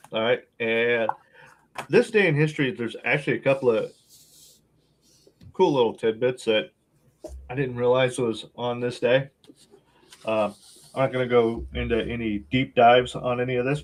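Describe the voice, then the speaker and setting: A man co-hosting a casual podcast, talking in a laid-back, rambling way with lots of fillers and a wry, sarcastic streak. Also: mid-range voice. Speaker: podcast co-host.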